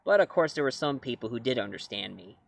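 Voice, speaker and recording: A man's voice: medium pitch, very animated, quick pace, gravelly. A man reviewing comics and films in a casual talk to camera, rambling and correcting himself as he goes. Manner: rambling, self-correcting, chuckling.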